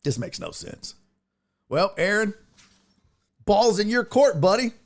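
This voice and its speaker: Animated, profane man ranting about sports. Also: high-pitched, takes it slowly. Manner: reads and answers viewer chat. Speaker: sports talk show host. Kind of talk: live-streamed sports talk.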